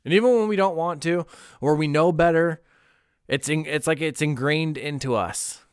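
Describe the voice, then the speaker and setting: A man's voice: a little high, normal speed, smooth, no room sound, clean studio sound. A young man chatting casually on a livestream, candid and rambling, swearing now and then and laughing often. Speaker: streamer.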